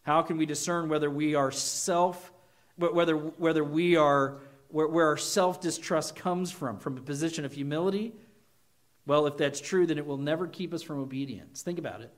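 Delivering an earnest sermon at normal speed, this pastor has a voice fairly high for a man. He poses questions to the congregation and briefly acts out quotes.

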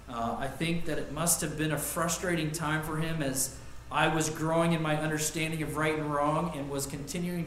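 A man preaching a sermon as pastor, earnest, rising to loud emphasis and dropping to quiet reflection. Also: a little high. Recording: echoey room with faint ambient noise.

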